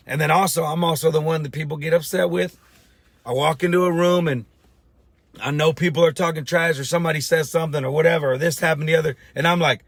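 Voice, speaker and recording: A middle-aged man rants as a business coach, blunt and fired-up, swearing freely. His voice sits a little high for a man. The sound is close and dry, with no room around it. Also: steady tone, fast talker, dry recording. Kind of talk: blunt motivational rant to camera.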